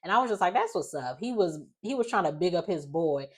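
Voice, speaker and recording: A woman's voice: fairly low pitch, lively intonation, a little fast, husky. A young woman recapping a reality show in a casual, rambling way, full of fillers and quoted asides.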